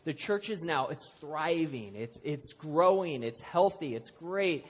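A man's voice: a little high, animated, a little slow. A man in his thirties preaching a casual sermon to a congregation, telling stories with self-deprecating jokes. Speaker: pastor. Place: church hall before a congregation. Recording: long hall reverb.

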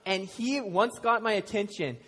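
This pastor, a man in his thirties, speaks a little slowly in a high-pitched voice that is pushed, bright and slightly rough. He tells stories and pokes fun at himself during a casual sermon in a church hall, where the sound carries long reverb.

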